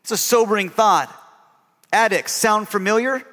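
High-voiced preacher in a reverberant hall. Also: male voice, normal speed, sharp tone. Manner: emphatic preaching, calls for amen. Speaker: pastor. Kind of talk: sermon.

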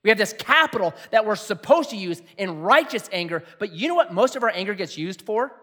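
A middle-aged man preaching a sermon in a jokey, animated way, acting out quotes. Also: high-pitched, fairly quick. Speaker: pastor.

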